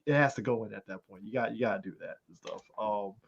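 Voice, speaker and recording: A man co-hosting a podcast in casual chat, animated and profane, rambling with lots of fillers. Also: fairly low pitch, quick pace, breathy edge. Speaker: podcast co-host. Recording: slightly muffled lo-fi audio.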